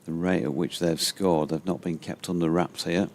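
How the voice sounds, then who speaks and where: A man's voice: low-pitched, little pitch movement, normal speed, darkish tone. A man giving easygoing ball-by-ball cricket commentary, correcting himself as he goes.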